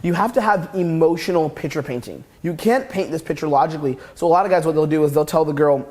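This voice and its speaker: Fast-talking brash young man coaching. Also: a little high, darkish tone. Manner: brash, profane, rapid-fire coaching talk. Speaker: dating coach. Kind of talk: instructional course lecture.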